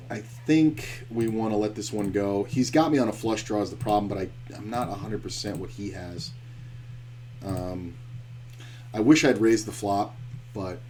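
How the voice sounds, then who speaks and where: Low-voiced man commentating poker. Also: darkish tone, slight background noise. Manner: blunt, profane, thinking aloud. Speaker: online poker streamer. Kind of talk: live-stream poker commentary.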